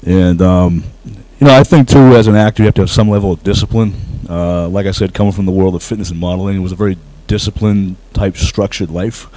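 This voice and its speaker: A man's voice: sits low, fairly even intonation, fast, hardly any pauses, dark tone, rough recording. A man being interviewed about his acting role, speaking humbly with many fillers and restarts. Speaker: actor guest. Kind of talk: casual interview.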